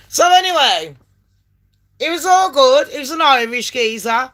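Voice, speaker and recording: A woman in her late thirties from England, telling a story in a brash, sweary and animated way and acting out phone calls in voices. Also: high-pitched, measured pace. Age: late 30s. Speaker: vlogger. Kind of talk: casual storytelling rant.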